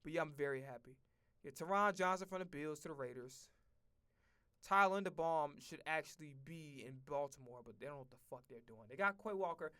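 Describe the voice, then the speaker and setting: A man's voice: on the high side, brisk, pushed and bright, clear, resonant tone. A man streaming a casual football rant, blunt and profane, full of slang and repeated phrases. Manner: profane, blunt, heated ranting.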